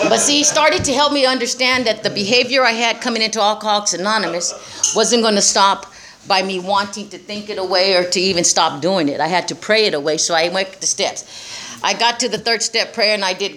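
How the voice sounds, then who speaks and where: A woman's voice: mid-range voice, normal speed, bright, forceful tone, slight background noise. A middle-aged woman speaking bluntly to a group about recovery, swearing freely and laughing often. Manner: profane, laughing, streetwise. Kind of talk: blunt personal talk to a group.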